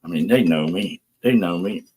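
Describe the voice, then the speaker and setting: Profane, rambling low-voiced man. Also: moderate pace, darkish tone, husky. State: out of breath. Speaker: livestream host. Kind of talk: casual live-stream rant.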